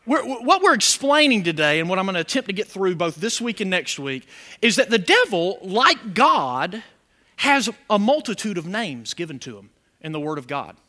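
Pastor guy preaching, bright ringing voice, swoops up and down, keeps asking the crowd stuff. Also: high-pitched, moderate pace. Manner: animated call-and-response preaching. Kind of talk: sermon.

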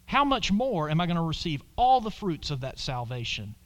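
A man preaching a sermon, swinging from loud exclamations to hushed whispers and calling on the congregation to repeat lines after him. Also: a little high, big pitch swings, moderate pace. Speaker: pastor.

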